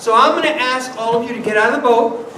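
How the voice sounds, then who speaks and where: A priest telling a playful children's story in church and coaxing the kids with questions. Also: male voice, extremely high pitch, quick pace. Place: church sanctuary. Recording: echoey church from far off, noisy.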